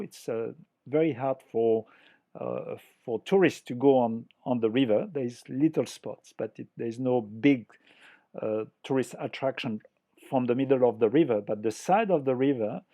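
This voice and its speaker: A man's voice: medium pitch, mellow. An older man from France with a French accent, a chef talking as a guest in a podcast interview, hesitating often with fillers and restarts. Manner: halting, many fillers and restarts.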